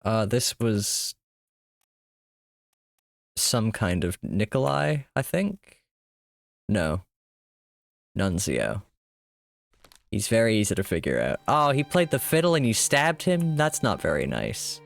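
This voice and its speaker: A man's voice: lowish voice, very animated, takes it slowly, gravelly, long pauses, dry recording. A man casually commenting on a game during a live stream, joking wryly, swearing freely and talking back to the characters.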